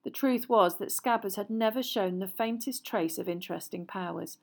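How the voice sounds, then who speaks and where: A woman's voice: medium pitch, moderate pace, creaky, a little mellow. Woman reading a storybook aloud. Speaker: narrator.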